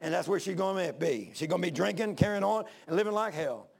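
A man in his sixties preaches with a raised, gravelly voice. He drives his points home with repeated pleading questions and plain country talk. The sound is rough-edged and earnest. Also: high-pitched, fast, darkish tone. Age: 60s. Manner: fervent, repetitive pleading questions. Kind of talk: sermon.

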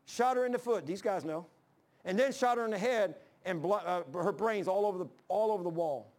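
A man's voice: sits high, brisk, darkish tone. A man, preaching a sermon as pastor in an impassioned, folksy storytelling way.

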